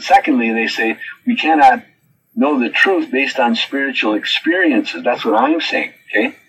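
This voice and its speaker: Male preacher, sermon delivery, animated intonation, faint noise behind. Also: mid-range voice, rough recording. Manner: reads quotes from notes, then rebuts them with questions.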